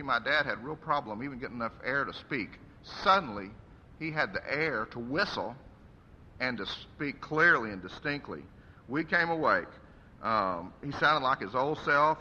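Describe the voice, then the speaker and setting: A man's voice: mid-range voice, expressive, moderate pace, pushed and bright, a little hiss or hum. A man delivering an earnest, preacherly eulogy for his father at a funeral service. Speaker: son giving a eulogy. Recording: echoey hall, dull lo-fi sound.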